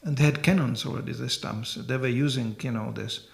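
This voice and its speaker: An older monk giving a temple lecture, telling stories in an animated, chuckling way. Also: male voice, mid-range voice, a little fast, creaky. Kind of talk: sermon with storytelling.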